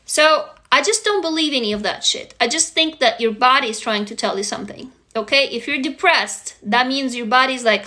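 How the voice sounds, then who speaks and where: A woman's voice: high voice, moderate pace, few pauses, bright, forceful tone. A woman from Russia hosting a casual livestream, talking frankly and answering viewers' comments as she goes. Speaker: livestream host.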